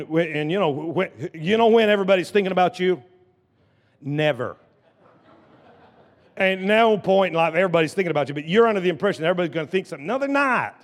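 A man preaching a lively sermon as pastor, drawing the congregation into call-and-response. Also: fairly high pitch. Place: church sanctuary. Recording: long church hall reverb.

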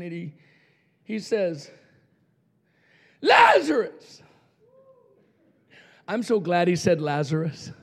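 A middle-aged man, a pastor, preaching an impassioned revival sermon, shouting out lines and calling on the congregation to answer back. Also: high voice, creaky.

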